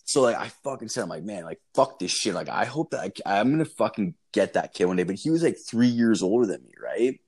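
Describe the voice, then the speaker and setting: A man's voice: fairly low pitch, expressive, fairly quick, few pauses, darkish tone, breathy edge. A young man telling a long, profane, rambling story in casual chat.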